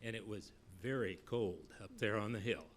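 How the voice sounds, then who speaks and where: A man, a former council member, giving an earnest, measured public comment at a city council meeting, recalling history in a storytelling way. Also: on the low side. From Northeast Iowa.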